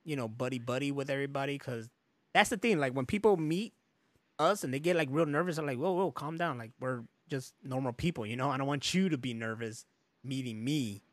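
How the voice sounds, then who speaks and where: A man hosting a podcast, talking in a loose, rambling way with frequent laughter and plenty of swearing. His voice sits at a middle pitch and sounds dry and close, with little room around it. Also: brisk, a bit bright, dry recording. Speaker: podcast host. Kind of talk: casual chat.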